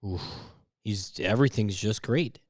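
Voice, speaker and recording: Man, low voice, dry close mic, loose joking podcast co-host. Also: measured pace, a little mellow, no echo. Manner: joking, rambling, trails off. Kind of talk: casual chat.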